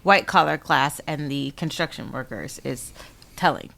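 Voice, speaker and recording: A woman's voice: sits low, measured pace, gravelly, fairly bright tone. A woman co-hosting a history podcast, talking in a conversational, direct way and often saying "like". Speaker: co-host of a history show. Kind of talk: casual podcast discussion.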